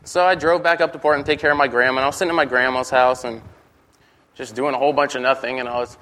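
A man's voice: medium pitch, fairly even intonation, racing, pushed and bright. A man in his twenties giving a rambling, candid personal testimony, constantly repeating "I was like" and poking fun at himself. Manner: candid and self-mocking.

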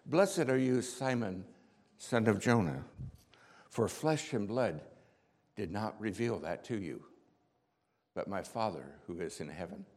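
A man voicing Jesus in a solemn, measured way within his monologue. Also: fairly low pitch, animated, a little mellow. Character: Jesus, calm, grave and authoritative. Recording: long hall reverb.

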